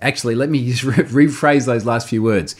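A man's voice: mid-range voice, brisk, husky. A man, a podcast host animatedly recounting a story in casual chat, often repeating words and laughing.

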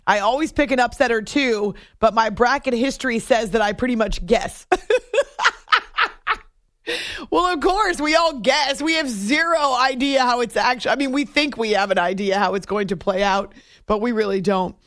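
A woman's voice: fairly high pitch, normal speed, fairly bright tone, dry recording. Female radio host from New Hampshire, casual and chatty, laughs easily, dry studio sound. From New Hampshire, USA. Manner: chatty, laughs often, reads listener messages. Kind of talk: casual late-night radio chat.

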